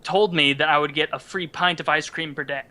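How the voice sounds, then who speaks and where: Bright, high-voiced young man telling stories. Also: a little fast. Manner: animated, laughing storyteller. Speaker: podcast co-host. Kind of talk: casual storytelling chat.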